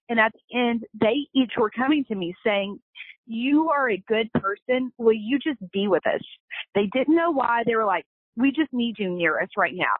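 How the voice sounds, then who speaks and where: A woman of medium pitch, the founder of a company, opens up about her journey as a guest in a laid-back storytelling interview, her tone sincere and moved. The audio is dry and echo-free, with the tinny quality of a phone line.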